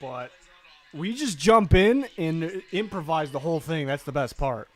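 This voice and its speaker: A man's voice: fairly high pitch, animated, a little slow. A man co-hosting a live draft watch stream, chatting casually, joking and reading out donations. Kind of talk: casual live reaction chat.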